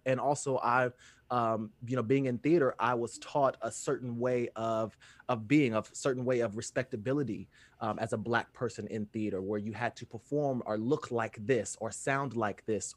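A man in his thirties from Indiana, a theater actor answering interview questions in a measured, reflective way with frequent pauses and fillers. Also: medium pitch, no echo. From Fort Wayne, Indiana, US. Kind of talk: interview conversation.

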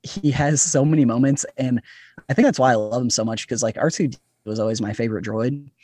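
Male podcast guest, mid-pitched, eager and chatty, dry recording. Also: a little fast, warm tone, no room sound. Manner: enthusiastic, chatty, laughs often. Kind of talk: casual podcast chat.

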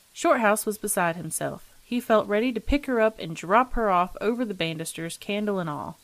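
A woman reading a ghost story aloud in a measured, even storytelling voice. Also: mid-range voice, no room sound. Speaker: story reader.

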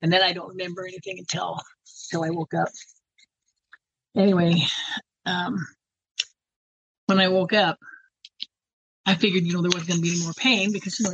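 A woman with a husky voice telling a personal story in a rambling way, full of fillers and restarts. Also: fairly low pitch, fairly even intonation, brisk, pauses often, no echo, lo-fi sound. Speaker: interviewee.

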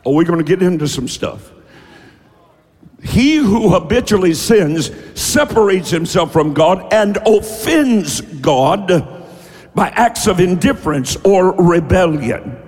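A man preaching a sermon, emphatic and folksy, often breaking into shouts. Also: sits high, animated, slow, big-room sound. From rural American South. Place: church.

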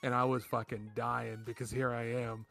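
A man's voice: mid-range voice, flat delivery, normal speed, vocal fry, fairly bright tone, faint music behind. A man co-hosting a podcast, telling party stories in casual chat with a laid-back, swearing manner. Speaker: podcast co-host.

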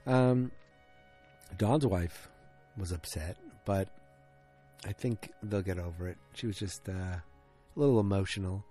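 A man's voice: sits low, measured pace, pauses often, warm tone, soft background music. A man giving a casual, rambling recap of a TV episode, with many ums and restarts. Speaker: TV episode reviewer.

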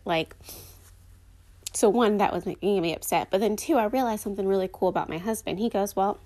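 A woman's voice: mid-range voice, brisk, darkish tone. A young woman hosting a podcast alone in rambling, chatty talk full of fillers. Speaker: podcast host. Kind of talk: casual solo podcast chat.

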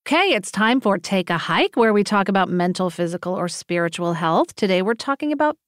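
A woman's voice: mid-range voice, lively intonation, brisk, no echo. A woman co-hosting a podcast in a mid-range voice, upbeat and conversational. She slips easily from chat into reading segments and sponsor spots. The recording is dry and close. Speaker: podcast co-host. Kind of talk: casual podcast chat and ad reads.

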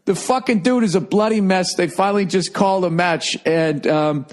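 A man telling a story in a loud, animated way, swearing constantly and laughing as he goes. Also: high-pitched, normal speed. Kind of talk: profane storytelling.

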